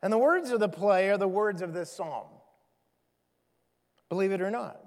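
A man's voice: sits high, moderate pace, darkish tone. A man preaching a sermon in a conversational way, reading scripture aloud with dramatic emphasis. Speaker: pastor. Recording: long reverb of a large hall.

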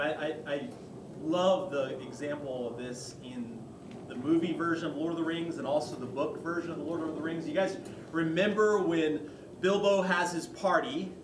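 A male pastor giving a conversational sermon, retelling a story with lively quoted voices. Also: on the high side, background noise. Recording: echoey hall, mic far off.

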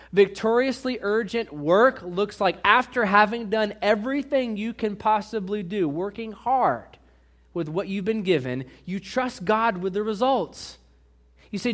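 A man with a notably high voice preaches a sermon as the pastor. He swings between hushed confessional asides and loud, slowed-down emphasis. He often turns to the congregation with direct questions.

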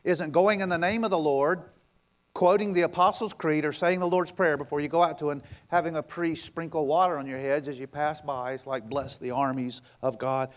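A male pastor preaching a sermon, emphatic and repetitive, firing rhetorical questions and swinging between loud passages and hushed ones. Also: fairly high pitch, steady tone, fairly quick.

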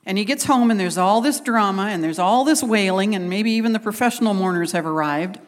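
A woman's voice: medium pitch, brisk, long reverb tail. A woman preaching a conversational sermon, retelling scripture and acting out the quotes with animation.

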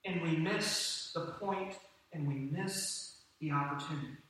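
A man's voice: a little high, unhurried, fairly bright tone. A man preaching a sermon to his congregation in a church, talking conversationally and asking his listeners questions. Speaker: pastor. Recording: echoey hall from a distance.

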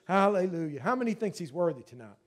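High-pitched guy preaching a sermon, earnest, says the same thing over and over in prayer. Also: expressive, normal speed, darkish tone. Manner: earnest, repetitive preaching cadence. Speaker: pastor.

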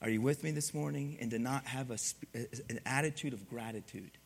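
A pastor preaching a sermon, animated and humorous, swinging from hushed to loud. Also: male voice, mid-range voice, a little fast, gravelly.

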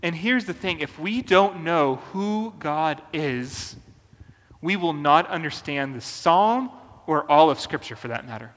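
A man preaching a sermon as a pastor, earnest and deliberate, with emphatic pauses. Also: fairly high pitch, lively intonation, a bit bright, big-room sound.

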